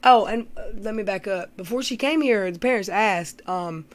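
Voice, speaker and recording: A woman's voice: mid-range voice, moderate pace. A woman hosting a livestream, chatting casually with viewers in a blunt, rambling, gossipy way. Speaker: livestream host. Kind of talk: casual chat with live viewers.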